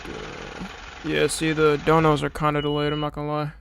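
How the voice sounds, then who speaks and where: A man's voice: on the high side, completely flat delivery, moderate pace, gravelly, fairly bright tone, a little hiss or hum. A young man streaming live, chatting casually and a little tired, swearing freely as he greets viewers by name.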